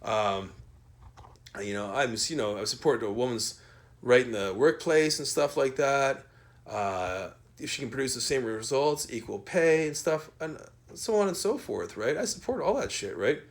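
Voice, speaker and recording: A man's voice: mid-range voice, animated, normal speed. Man ranting in a rambling, combative way. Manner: combative, repetitive, peppered with "right?" and "man"; rambling with frequent restarts and trailing off. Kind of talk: rambling profane rant monologue.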